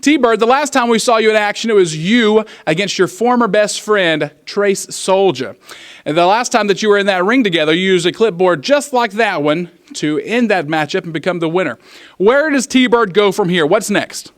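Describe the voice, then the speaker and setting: A man's voice: sits high, animated, moderate pace. A man hosting backstage wrestling interviews, announcer-style, repeatedly calling out to wrestling fans.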